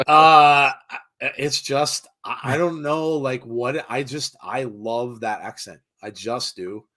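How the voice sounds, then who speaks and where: A man's voice: mid-range voice, measured pace, sharp tone. Rambling American man co-hosting a watch-along. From United States. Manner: rambling, full of fillers, reads chat comments aloud. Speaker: co-host of a wrestling watch-along. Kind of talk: casual live commentary chat.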